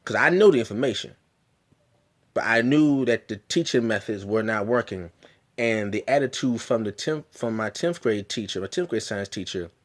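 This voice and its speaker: Male vlogger, mid-range voice, earnest and emphatic storytelling with repeated restarts. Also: medium pitch. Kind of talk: personal storytelling.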